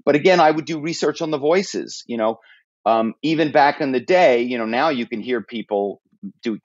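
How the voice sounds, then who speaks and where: A man speaking as a podcast guest, telling stories in an animated way and slipping into impersonations. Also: mid-range voice, moderate pace, no echo, muffled recording. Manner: animated storyteller who slips into impersonations. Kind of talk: interview conversation.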